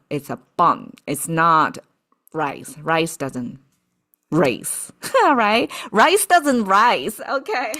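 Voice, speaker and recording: A woman's voice: sits low, a bit bright. A woman teaching characters in a casual, explanatory way, thinking aloud and often checking in with "okay" and "right". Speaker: Chinese vocabulary teacher.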